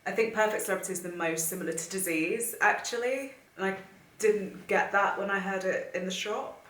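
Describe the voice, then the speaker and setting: A woman's voice: medium pitch, brisk, fairly bright tone, roomy sound. A young woman, gushing emotionally and chatting casually as she reacts to music for her vlog. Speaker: vlogger.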